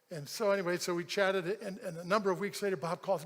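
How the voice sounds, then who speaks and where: A man's voice: high voice, fast, hardly any pauses. A man preaching a sermon as a pastor, telling a story with animation and acting out the people in it. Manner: animated storyteller, acts out quoted voices. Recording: large hall with long reverb.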